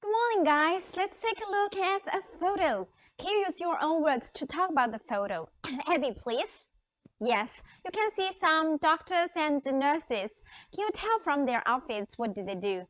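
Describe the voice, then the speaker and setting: A woman's voice: high-pitched, lively intonation, moderate pace, no echo. A woman English teacher leading a lesson, upbeat and encouraging as she asks the class questions. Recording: dry, dull lo-fi sound.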